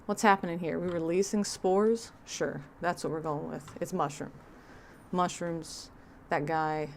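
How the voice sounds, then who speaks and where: A woman's voice: lowish voice, steady tone, measured pace, slight background noise. A woman hosting a livestream, giving sarcastic reaction commentary with laughing asides. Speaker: livestream host.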